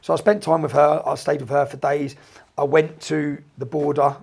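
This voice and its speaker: A man with an English accent, telling stories fast in a casual podcast chat and checking in with "yeah?". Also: a little high, flat delivery, creaky, a little mellow, breathy edge. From England. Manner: rapid, repeats "yeah?" to check in. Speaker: podcast guest. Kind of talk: animated storytelling in casual talk.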